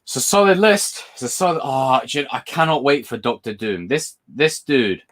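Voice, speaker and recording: His voice sits in the mid range, a little bright and animated, at an ordinary pace. He's a British livestream host chatting loosely and drifting between topics while reading what viewers write.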